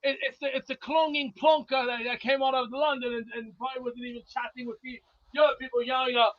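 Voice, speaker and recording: A man with a strikingly high, bright voice throws out blustering insults and brags, often breaking into shouts. The sound is dry and a little dull, like a cheap mic. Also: level tone, fast talker, few pauses, no room sound. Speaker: show regular. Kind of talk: brash trash-talking banter.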